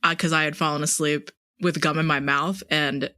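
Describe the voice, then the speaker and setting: A podcast co-host in casual comedic chat, trading dry, deadpan jabs. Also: medium pitch, normal speed, no room sound.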